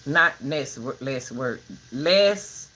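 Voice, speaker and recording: Brief: older woman, vlogger, folksy and animated, lecturing her viewers; faint crickets behind. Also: a bass voice, very slow, a little hiss or hum, rough recording. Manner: animated, preachy, folksy advice. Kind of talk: casual vlog talk.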